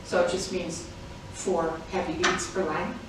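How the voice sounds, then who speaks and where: A woman's voice: lowish voice, steady tone, a little slow. Woman performer, chatty and profane comic delivery, very reverberant space. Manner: chatty, profane and playful, laughing often. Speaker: stage performer. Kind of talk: comedic spoken-word performance. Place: live performance venue. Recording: very echoey room, mic far off, audible noise.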